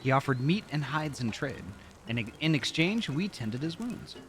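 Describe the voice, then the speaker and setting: A man voicing an old insect-like tribal elder from a game, reading the lines slowly and haltingly, with game music behind him. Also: fairly high pitch, sing-song. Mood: solemn.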